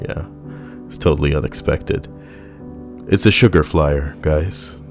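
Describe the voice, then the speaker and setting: A deep-voiced man rambles crudely through a casual comedy video. His delivery is sardonic and loose, and soft background music plays under him. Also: a little slow, creaky. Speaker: video host.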